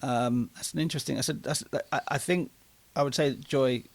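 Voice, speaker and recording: A man's voice: medium pitch, normal speed, gravelly. A man in his late forties co-hosting a casual podcast, chatty and self-mocking as he tells stories. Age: 40s. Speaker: podcast co-host.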